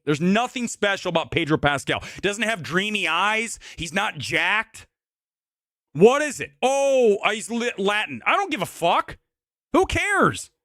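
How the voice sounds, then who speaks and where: A man hosts a live movie stream and rants into a close mic. His voice is high and bright, and it swings all over the place as he mocks what he is talking about. The room is dry and dead. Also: no room sound. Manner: brash, profane, mocking. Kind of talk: ranting live-stream commentary.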